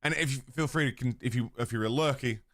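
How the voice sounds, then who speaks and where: A man's voice: mid-range voice, quick pace, a bit bright, dry recording, studio quality. A man hosting a livestream, chatting casually with his viewers, swearing freely and laughing often. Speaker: livestream host. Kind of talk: casual chat with stream chat.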